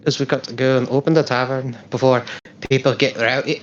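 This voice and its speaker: A woman's voice: very deep voice, fairly even intonation, fairly quick. A woman playing in a tabletop role-play game, who talks hesitantly and often restarts her sentences. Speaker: player. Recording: slightly dull lo-fi mic.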